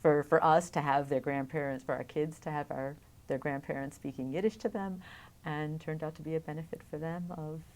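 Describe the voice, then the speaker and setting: Low-voiced woman, wry and reflective. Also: steady tone, brisk, a little mellow. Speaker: oral history interviewee. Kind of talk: recorded oral history interview.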